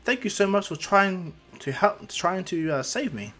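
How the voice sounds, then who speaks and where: A man's voice: high voice, expressive, measured pace, fairly bright tone, faint music behind, pitched above the performer's own voice, exaggerated voice. Casting note: easygoing, self-assured teen hero, voiced by a male storyteller. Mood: confident. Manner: easygoing, polite, firm when pushed. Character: confident friendly teenage boy hero.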